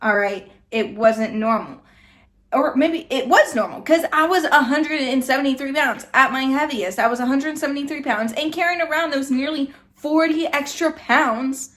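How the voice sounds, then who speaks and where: Woman, reaction host, casual commentary, blunt, opinionated, slightly high voice. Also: moderate pace, fairly bright tone.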